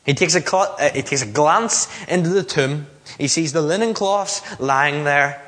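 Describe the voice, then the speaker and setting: A man's voice: on the high side, normal speed, a bit bright. A man preaching a sermon, telling stories and acting out the lines he quotes. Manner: storytelling preacher, acts out quotes. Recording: long hall reverb.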